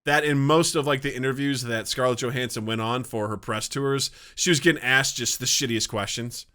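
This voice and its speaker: A man co-hosting a casual podcast chat, animated and laughing often, acting out quotes in exaggerated voices. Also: mid-range voice, brisk, clear, resonant tone. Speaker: podcast co-host.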